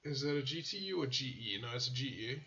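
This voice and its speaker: A man's voice: medium pitch, lively intonation, fast, pushed and bright, highs cut off, a little hiss or hum. A man hosting a car channel, casually reviewing car ads in a blunt, profane way that often turns into rants. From South Africa.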